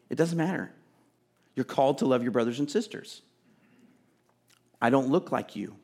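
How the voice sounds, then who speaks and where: A male pastor preaching a sermon in a conversational way, with casual asides and emphatic repetition. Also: mid-range voice.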